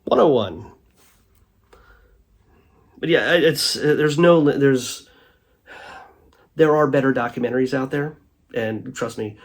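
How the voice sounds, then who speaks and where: Male vlog host, husky mid-range voice, loose unscripted commentary full of restarts and fillers. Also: mid-range voice. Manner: rambling, many fillers and restarts. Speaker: host reviewing a streaming documentary. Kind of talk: casual spoken commentary.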